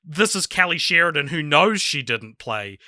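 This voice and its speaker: A hoarse man with a New Zealand accent, chatting casually as a podcast host, rambling and giggly. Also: a little high, very animated, normal speed, bright, forceful tone, no echo, clean studio sound. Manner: rambling, giggly, lots of fillers. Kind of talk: casual chat.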